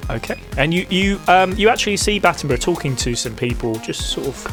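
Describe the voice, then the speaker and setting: A man's voice: a little high, animated, a little fast, fairly bright tone, faint music behind. A man narrating as game master in a hesitant way, laughing often.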